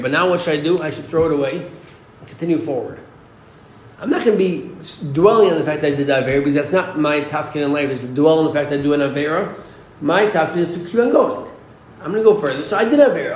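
A man's voice: on the high side, darkish tone. A man teaching an informal Torah class in a conversational way, posing rhetorical questions and often restarting his sentences. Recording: roomy echo with faint ambience.

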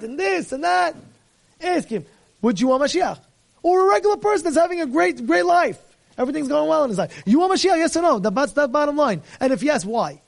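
Male rabbi, very high voice, dramatic sermon delivery, acts out dialogue, mixes in Hebrew and Yiddish terms. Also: gravelly. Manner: dramatic storytelling, acts out dialogue, rhetorical questions. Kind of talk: animated sermon.

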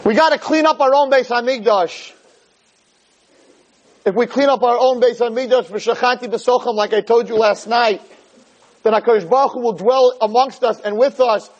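A man delivering a religious lecture with a high voice. He tells animated stories and slips into the people he is describing. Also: normal speed, lo-fi sound. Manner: animated storytelling, acting out scenes.

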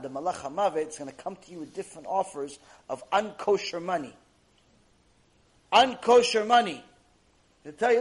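Animated high-voiced man giving a Torah lecture. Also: husky. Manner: acts out quoted characters, repeats phrases for emphasis. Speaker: Torah teacher.

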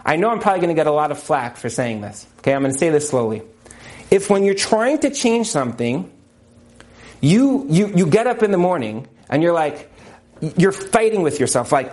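A man's voice: a little high, very animated, fairly quick, darkish tone. A man giving a motivational religious talk as a teacher and counselor, emphatic and repeating his key points.

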